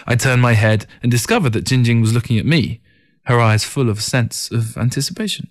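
A man reading a first-person story as an audiobook, in a measured, reflective narration. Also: mid-range voice.

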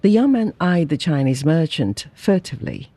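A narrator reading a classic short story aloud in measured, unhurried storytelling. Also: mid-range voice, big pitch swings, warm tone, dry recording. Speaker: audiobook narrator. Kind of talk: scripted narration.

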